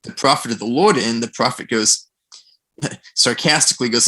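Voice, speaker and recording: Guy with a bright clear voice telling bible stories on a podcast, does little voices for the quotes. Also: mid-range voice, moderate pace, long pauses. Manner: animated storyteller, acts out quoted voices. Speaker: podcast guest. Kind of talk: casual podcast discussion.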